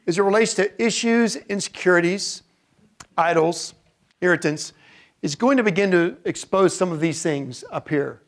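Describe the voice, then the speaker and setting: Chatty man speaking to a live audience. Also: on the high side. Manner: conversational, often checks in with "okay?" and asks the audience questions. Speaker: parenting seminar speaker.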